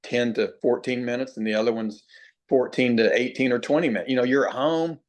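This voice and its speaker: A middle-aged man, a baseball hitting coach, talking in a podcast interview. He tells folksy stories, acts out quoted players and slows down to stress key points. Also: mid-range voice. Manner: plainspoken, repeats himself, drawn-out emphasis.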